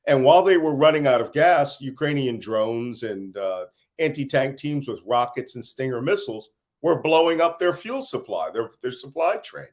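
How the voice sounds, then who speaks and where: A worn-out middle-aged American man gives interview answers on a conflict. He tells his points as lively stories, chuckling here and there. His voice sits at an ordinary middle pitch. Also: moderate pace. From United States. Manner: animated storytelling with laughs. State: tired. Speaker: interview guest, intelligence analyst.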